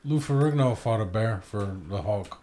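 A man's voice: on the low side, normal speed, dark tone, a little hiss or hum. A man co-hosting a comedy podcast, talking in casual, profane, joking banter. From Akwesasne. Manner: profane, joking, puts on silly accents. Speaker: podcast co-host.

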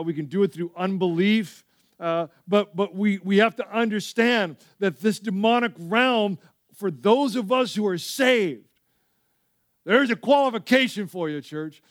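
A male pastor preaching a sermon, telling stories with lively asides to the church. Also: sits high, no room sound, studio quality. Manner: animated storytelling with frequent asides.

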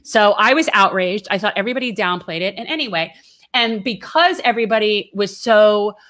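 A woman's voice: medium pitch, expressive, fairly quick, a bit bright. A woman co-hosting a casual political talk show, outspoken and emphatic, her voice rising when she gets heated. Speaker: co-host.

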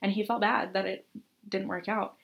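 A woman's voice: mid-range voice, flat delivery, moderate pace, creaky, a bit bright. A young woman co-hosting a casual chat, telling a long story with lots of laughs and acted-out quotes. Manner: chatty storyteller, laughs often, acts out quotes. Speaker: podcast co-host.

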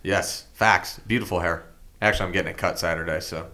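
A man's voice: sits low, steady tone, fairly quick, sharp tone. A man co-hosting a casual podcast, teasing and playful. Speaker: podcast co-host. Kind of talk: casual chat.

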